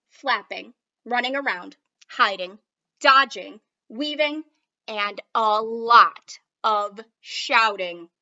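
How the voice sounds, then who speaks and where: Expressive woman reading a storybook. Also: fairly high pitch, muffled recording. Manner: expressive, unhurried. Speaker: storybook reader. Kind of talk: storybook read-aloud.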